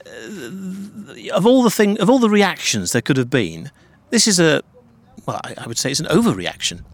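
A British male presenter asks curious questions on a hilltop, talking in a lively, questioning manner. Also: on the high side, normal speed, dry recording. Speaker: presenter interviewer. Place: hilltop cliff edge outdoors.

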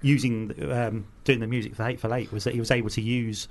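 A man's voice: mid-range voice, level tone, quick pace. A man co-hosting a podcast in casual chat, telling a story with hesitant fillers. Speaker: podcast co-host.

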